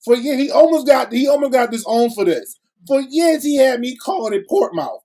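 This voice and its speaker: A man with a Baltimore accent co-hosting a casual podcast chat. He tells stories with animated energy and teases his co-host. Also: very high voice, normal speed. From Baltimore, USA. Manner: animated storyteller, teasing and laughing.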